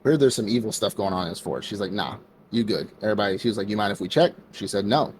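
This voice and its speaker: Talking at a racing pace in a low voice, with slight background noise, a podcast co-host recaps an anime episode. He rambles casually, performs the characters' lines, and leans heavily on "like" and "bro."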